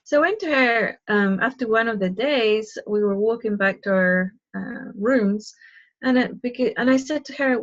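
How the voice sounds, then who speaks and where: A woman giving a live spiritual talk, chatty and expressive, telling a story and sharing advice with listeners on a call. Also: fairly high pitch, normal speed, highs cut off. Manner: chatty and expressive, acting out quoted voices. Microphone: live online call.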